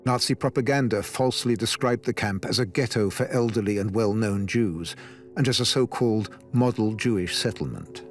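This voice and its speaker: A man reading a documentary narration in an even, informative way. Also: on the low side, moderate pace, soft background music. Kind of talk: scripted narration.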